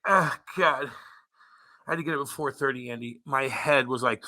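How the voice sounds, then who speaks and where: A man's voice: mid-range voice, moderate pace, bright, forceful tone. A man co-hosting a podcast, ranting and swearing in a worked-up casual chat. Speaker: podcast co-host.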